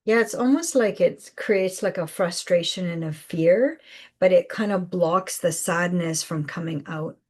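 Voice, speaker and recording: A woman hosting a live spiritual guidance session, speaking softly with many fillers and repeated phrases. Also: fairly low pitch, measured pace. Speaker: intuitive guidance host.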